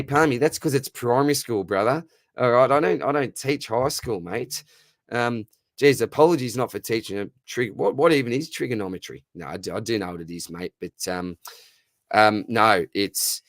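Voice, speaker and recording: A young Australian man hosts a casual live fantasy football Q&A, reading viewers' questions aloud and answering in a matey, upbeat way. His voice is medium-pitched and expressive at a normal speed, recorded cleanly in a studio with no echo.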